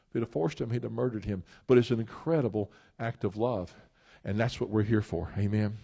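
A man preaching a sermon, emphatic and repetitive, rising to loud peaks and dropping low, with some stumbles and restarts. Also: breathy edge. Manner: repeats phrases, stumbles and restarts.

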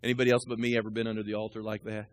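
A man's voice: fairly low pitch, little pitch movement, racing, dry recording. Emphatic man preaching, dry close sound. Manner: emphatic preaching, builds to loud rising peaks. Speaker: pastor. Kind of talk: sermon.

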